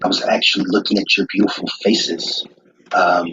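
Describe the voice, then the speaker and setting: A man's voice: sits low, little pitch movement, normal speed, sharp tone, highs cut off, slight background noise. A man co-hosting a podcast, chatting in a playful, mock-serious way. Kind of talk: casual live-stream chat.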